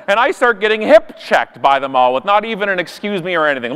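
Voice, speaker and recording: Canadian guy doing a funny keynote, high bright voice, swings all over, acts out everyone. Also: fast, hardly any pauses, clear, resonant tone. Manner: animated, self-mocking, mimics people in the story. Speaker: conference speaker. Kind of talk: comedic keynote storytelling. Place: conference stage before a live audience.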